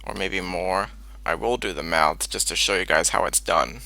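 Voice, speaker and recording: A man's voice: low-pitched, moderate pace, vocal fry, bright, forceful tone, no room sound. A man with an Australian accent hosting a casual livestream while he animates, with dry banter.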